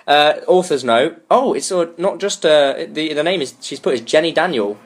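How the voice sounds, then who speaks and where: A young man with a slightly high voice hosts a casual comedy podcast. He reads a story aloud and tears into it with frequent laughter and swearing. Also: moderate pace. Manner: sweary, mocking, laughs often. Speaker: podcast host.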